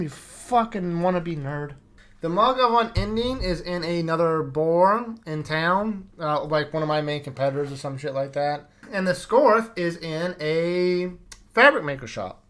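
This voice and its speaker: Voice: mid-range voice, a bit bright. Foul-mouthed, exasperated tabletop game storyteller. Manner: exasperated, swears a lot, acts out the other players in quick quoted bits. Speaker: player recounting a tabletop game session as tavern owner. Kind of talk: profane comedic session recap.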